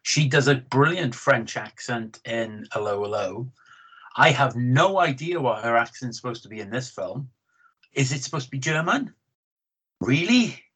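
A man's voice: medium pitch, lively intonation, normal speed, fairly bright tone, slightly rough, low-quality recording. A British man chatting casually about a film he dislikes, opinionated and often repeating words as he gets going. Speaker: film podcast co-host. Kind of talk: casual film review chat.

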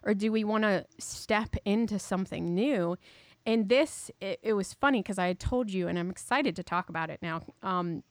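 A woman's voice: mid-range voice, moderate pace, dry recording. A woman co-hosting a casual faith chat, talking in a rambling, filler-heavy way, laughing often and slightly out of breath.

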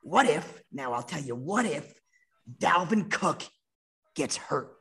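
Casual male co-host, gravelly raspy voice, swears through playful mock-serious trash talk. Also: fairly high pitch, lively intonation, takes it slowly, fairly bright tone. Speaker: podcast co-host. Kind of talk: casual joking banter.

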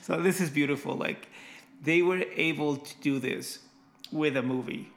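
Enthusiastic man with a somewhat high voice. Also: normal speed. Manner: enthusiastic, stumbles and repeats words. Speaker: movie fan discussing a film. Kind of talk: casual chat.

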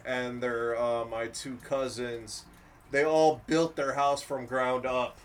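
A man's voice: mid-range voice, level tone, slow pace, distant mic. A man who is a guest on a podcast, chatting casually and rambling a bit, with plenty of filler words. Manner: rambling, says freaking a lot. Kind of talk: casual chat.

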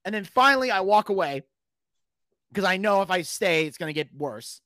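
A man casually telling a story, animated, swearing freely and shouting out the lines he quotes. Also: sits high, moderate pace, no room sound. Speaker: podcast guest telling a story.

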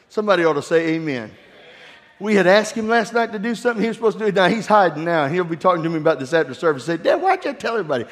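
Guy pastor preaching, high voice, asks the crowd to say amen, jokes about his kids, echoey church hall. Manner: call-and-response preaching with humorous family stories. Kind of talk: sermon. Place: church sanctuary. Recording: long hall reverb.

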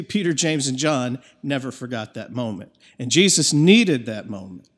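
Earnest preacher man in a reverberant hall. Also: a little high. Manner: earnest, emphatic preaching with rising bursts. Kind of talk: sermon. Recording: long reverb of a large hall.

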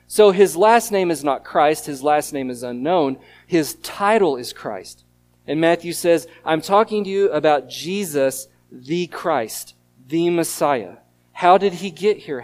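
A man's voice: fairly high pitch, darkish tone. Earnest man preaching a sermon. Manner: earnest teaching tone, leans on key words. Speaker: pastor.

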